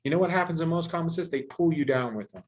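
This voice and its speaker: A man hosting a podcast in casual chat, ranting with heavy swearing and animated emphasis. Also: a little high, quick pace. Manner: heavily profane, ranting and animated. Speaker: podcast host.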